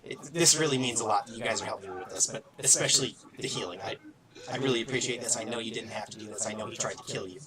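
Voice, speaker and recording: A man's voice: fairly low pitch, rapid-fire, crowd noise, pitched below the performer's own voice, natural voice. A man voicing a tearful, doting small male companion who gushes and frets. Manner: fretful and gushing.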